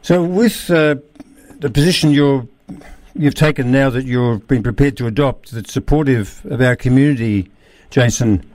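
A man hosting an interview, introducing his guest and prompting him with measured questions. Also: mid-range voice, darkish tone, no echo. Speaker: interview host. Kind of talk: radio-style interview.

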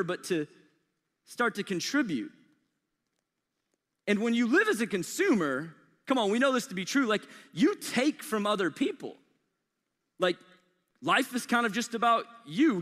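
A man's voice: high voice, bright, forceful tone. A man in his thirties giving a live sermon to a college crowd in a church auditorium, casual and joking as he talks. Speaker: college ministry pastor. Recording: long hall reverb.

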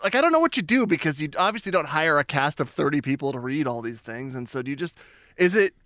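A man co-hosting a podcast in casual chat, animated and quick to laugh. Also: a little high, dry recording, clean studio sound. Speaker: podcast co-host.

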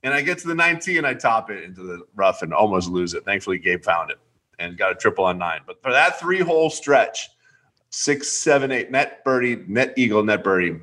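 A young man with a bright, forceful voice and a lowish pitch, telling a story in loose, casual chat. He acts out every quote, jumping far up in pitch and sometimes shouting. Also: a little fast. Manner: animated, acts out quotes with big jumps up in pitch. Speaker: podcast host.

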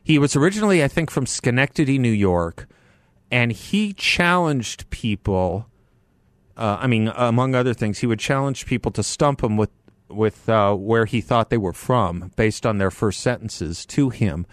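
A man's voice: mid-range voice, animated, normal speed, dry recording. A man in his fifties hosting a call-in radio talk show, chatty, laughing often and commenting on the news he reads.

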